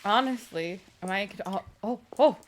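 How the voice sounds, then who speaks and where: A woman's voice: medium pitch, moderate pace, a little hiss or hum. A woman guest streamer bantering playfully and laughing as she plays a game. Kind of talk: casual game-stream chat.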